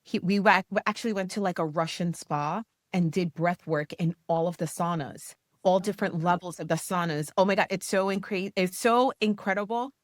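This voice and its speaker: A woman, low in pitch, chatting as a podcast co-host. She tells stories in an animated, casual way and leans on "like" and "you know." The sound is close and dry. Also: normal speed, hardly any pauses, no room sound. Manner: animated storytelling, many "you know" and "like" fillers. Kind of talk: casual conversational interview.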